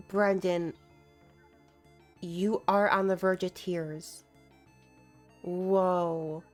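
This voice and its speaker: A young woman giving casual, teasing reaction commentary on online clips, sarcastic and quick to laugh. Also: fairly low pitch, steady tone, darkish tone, soft background music.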